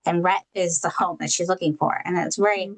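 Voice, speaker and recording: A woman's voice: lowish voice, steady tone, brisk, rough recording. A woman co-hosting a podcast, giving her views on a film in a conversational way, hedging with fillers. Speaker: podcast co-host. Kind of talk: casual book-and-film review chat.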